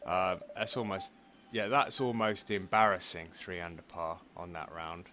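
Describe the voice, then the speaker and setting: A man's voice: sits low, moderate pace, bright, forceful tone, slight background noise. A man giving casual, self-critical commentary on his own golf video game round and signing off to viewers. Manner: frank, self-critical, chatty sign-off. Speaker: gaming channel host.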